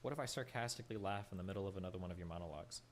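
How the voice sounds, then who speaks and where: A man in a heated debate, needling his opponent with dry, deadpan sarcasm. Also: sits low, very fast.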